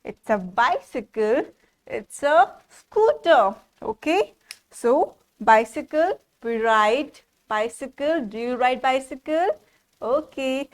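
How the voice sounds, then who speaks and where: A woman teaching small children, repeating words in a slow, sing-song way and asking them questions. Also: high-pitched, lively intonation. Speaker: preschool teacher. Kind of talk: classroom lesson for small children.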